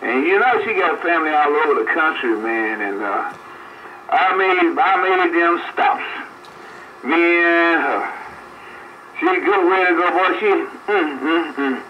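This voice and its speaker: Fairly high-pitched and animated, an older man talks over a CB radio at a measured pace. Laughing often, he chats and reminisces in a homespun, folksy style, and the radio sound is dull with faint hiss.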